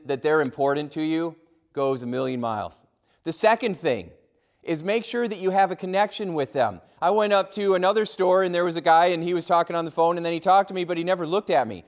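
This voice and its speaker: A middle-aged man giving a humorous motivational keynote, telling lively stories and acting out the voices of people in them. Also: high voice, brisk. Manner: lively, acts out quoted voices. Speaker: motivational speaker.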